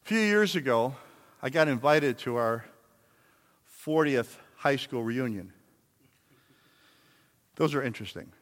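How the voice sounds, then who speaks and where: A man in his sixties preaching a sermon in a church, telling a story and then building to loud, emphatic exhortation. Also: medium pitch, animated, unhurried, long pauses, long reverb tail. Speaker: pastor.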